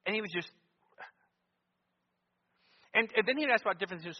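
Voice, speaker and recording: A man preaching a sermon in a church, moving between loud emphatic lines and quiet asides. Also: high-pitched, fast, long pauses, slightly rough. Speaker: pastor. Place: church sanctuary. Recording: muffled sound with long church reverb.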